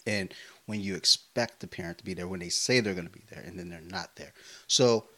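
A man in his thirties co-hosting a podcast, telling stories in a casual, profane, animated way. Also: low-pitched, brisk. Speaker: podcast co-host. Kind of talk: casual chat.

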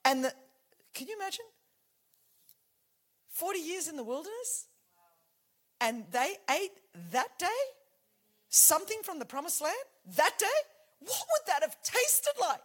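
A woman in her forties delivers a fervent sermon in a high, bright voice. She drops to near-whispers for intimate points, then rises to shouted declarations. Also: sing-song, unhurried, pauses often. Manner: passionate, swings from hushed to shouting. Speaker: preacher.

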